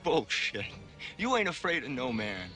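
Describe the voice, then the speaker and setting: A brash, scoffing soldier. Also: male voice, medium pitch, big pitch swings, unhurried, pushed and bright. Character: tough male soldier scoffing at a comrade. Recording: film audio under music.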